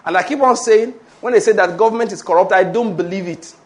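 A man's voice: high-pitched, fast talker. A man with a Nigerian English accent, preaching a sermon with rhetorical questions and calls for amen. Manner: animated preaching with rhetorical questions and call-and-response. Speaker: pastor.

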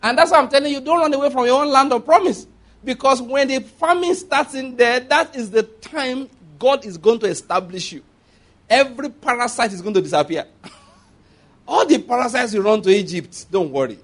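High-voiced preacher. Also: male voice, lively intonation, moderate pace, a bit bright. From Nigeria. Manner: conversational preaching with asides and laughter, call-and-response. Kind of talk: sermon.

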